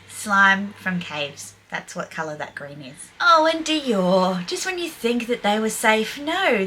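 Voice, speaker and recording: A woman's voice: medium pitch, pushed and bright, a little hiss or hum. An older woman giving blunt, playful fashion commentary in her own video. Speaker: vlogger.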